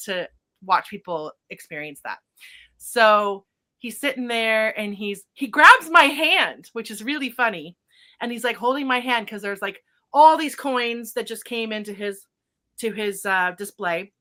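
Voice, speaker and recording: A woman hosting a podcast as a psychic medium, telling a story in casual chat with animated excitement and spiritual vocabulary. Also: a little high, unhurried.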